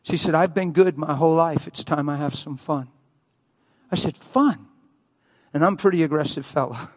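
A man preaching a sermon as a pastor, telling a story and acting out the quotes with loud cries. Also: brisk. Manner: acts out quotes, shouting and wailing at high peaks. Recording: long hall reverb.

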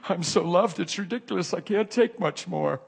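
A man preaching and telling a story from his working life, moving from hushed murmurs to loud, excited bursts. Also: high voice, moderate pace, gravelly. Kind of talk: sermon storytelling.

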